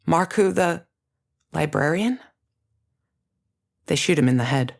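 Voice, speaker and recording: A woman narrating a first-person story in a measured, scripted reading. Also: low-pitched, expressive, vocal fry.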